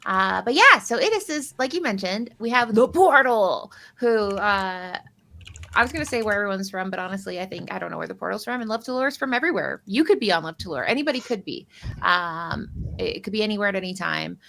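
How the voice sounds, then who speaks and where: A woman's voice: mid-range voice, animated, vocal fry, sharp tone. A woman hosting a live game stream, chatting casually, rambling and joking as she introduces players. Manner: bubbly, rambling, quick to joke. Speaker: stream host and commentator.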